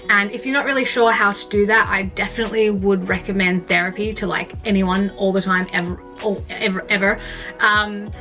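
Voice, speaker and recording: A woman's voice: mid-range voice, a bit bright. Young woman, casual rambling vlogger, candid and frank, faint music under. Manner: casual, rambling, frequent "like", swears. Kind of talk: candid personal vlog about mental health.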